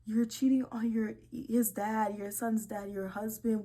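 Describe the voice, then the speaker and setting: A young woman hosting a casual vlog, reading posts aloud and reacting with animated disbelief and swearing. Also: fairly high pitch, a little slow, hardly any pauses. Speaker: video creator.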